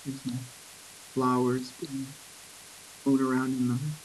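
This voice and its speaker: A man teaching a poetry lesson in a screencast, thinking aloud with fillers and reading verse slowly. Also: medium pitch, little pitch movement, slight background noise, poor audio.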